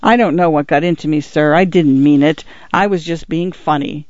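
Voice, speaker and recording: Irritable rancher dad, curt, clipped, read by a man, slightly raised pitch. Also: no room sound, lo-fi sound, close to an everyday voice. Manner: curt, quick to anger. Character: irritable middle-aged male rancher father.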